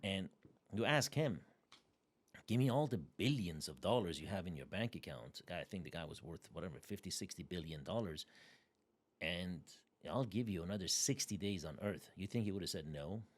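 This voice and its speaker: Low-voiced man hosting an interview. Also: lively intonation, normal speed. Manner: emphatic, motivational, frequent "right?". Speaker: podcast host. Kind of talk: casual interview talk.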